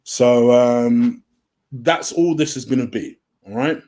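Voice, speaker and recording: A man's voice: mid-range voice, takes it slowly, warm tone. Chatty man, transfer rumour host. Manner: chatty, easily sidetracked, says "um" and "from my understanding" a lot. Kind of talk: casual solo commentary. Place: home room.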